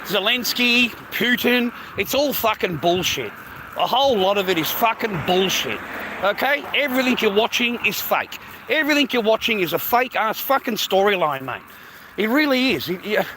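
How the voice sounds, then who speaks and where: Man, 50s, Australian accent, high-pitched, profane street rant, phone stream, loud traffic noise. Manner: blunt, profane, repetitive, calls listeners mate. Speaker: livestreamer. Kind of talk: ranting street livestream.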